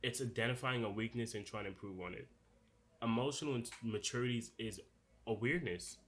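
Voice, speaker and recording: A young podcast co-host with a noticeable non-standard accent speaks at medium pitch, fairly quickly, with a somewhat bright tone and slight background noise. His casual discussion is earnest and loose, full of "like" and restarts.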